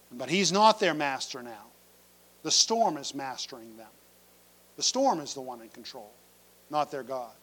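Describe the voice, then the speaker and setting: High-voiced man preaching a folksy sermon. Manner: folksy storytelling with humor; builds to loud, emphatic pleading. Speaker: pastor.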